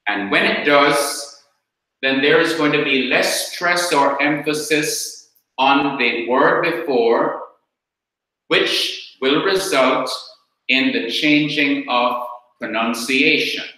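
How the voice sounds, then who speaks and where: Slow, deliberate Jamaican man lecturing. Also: medium pitch, sharp tone. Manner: slow, deliberate explaining, repeats points. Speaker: Hebrew grammar teacher. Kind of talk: classroom lecture. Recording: very echoey room.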